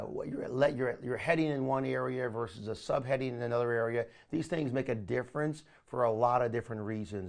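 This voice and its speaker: In this recorded session, a man who trains people in online marketing coaches with plenty of energy in a medium-pitched voice, repeatedly calling his audience "my friend."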